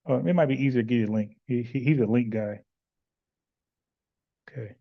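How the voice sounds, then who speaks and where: A man hosts a call-in stream, pressing his points bluntly and circling back with restarts and filler words. His voice sits at an ordinary pitch, and the audio comes through a little muffled and lo-fi. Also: brisk. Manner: blunt, argumentative, lots of "like" and restarts. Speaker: podcast host taking callers. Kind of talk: casual live-stream chat with callers.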